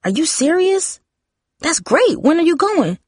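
A woman reading a novel aloud, voicing a defensive, chatty fourteen-year-old girl with high, emphatic outbursts. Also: normal speed, dry recording, clean studio sound, natural voice. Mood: earnest.

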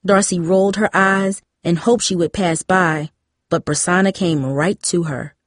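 A woman narrating a novel aloud in a steady, measured way. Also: lowish voice, no echo, studio quality. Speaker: audiobook narrator. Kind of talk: scripted narration.

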